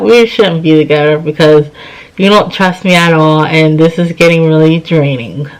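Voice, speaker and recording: A woman's voice: sits low, steady tone, moderate pace, low-quality recording. A tired woman in her thirties telling a personal story to camera in a chatty way, acting out both sides of old conversations. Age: 30s. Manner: chatty, retells scenes with quoted dialogue. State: tired, yawning. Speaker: vlogger. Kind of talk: casual storytime.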